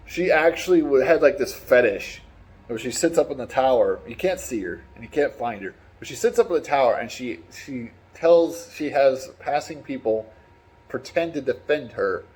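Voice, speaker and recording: A man talking casually and excitably about a game, swearing freely and rambling between stories. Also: medium pitch, husky. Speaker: gaming vlogger. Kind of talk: casual opinion chat.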